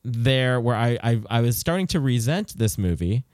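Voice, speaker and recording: A man's voice: mid-range voice, animated, normal speed, a little mellow, dry recording, clean studio sound. A man talking casually about a film, rambling with frequent restarts. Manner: rambling, restarts often, lots of "like". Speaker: podcast co-host.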